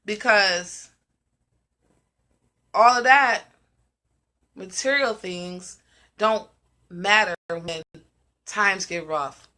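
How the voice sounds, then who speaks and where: Emphatic woman with a bright, ringing voice. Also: mid-range voice, extremely slow, pauses often. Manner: emphatic, repeats questions. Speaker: host of a live discussion. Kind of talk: casual live-stream talk.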